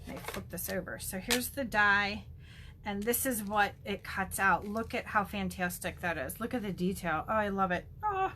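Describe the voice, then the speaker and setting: A woman's voice: medium pitch, normal speed, sharp tone, slight background noise. Bubbly woman gushing over crafts. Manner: bubbly, gushing, chatty with frequent ums. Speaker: stamping demonstrator. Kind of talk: casual crafting demo.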